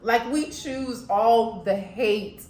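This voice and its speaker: A woman from Florida co-hosting a casual chat, talking in a measured, conversational way with frequent fillers. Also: a little high, darkish tone. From Florida, USA. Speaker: podcast co-host. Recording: echoey room with faint noise.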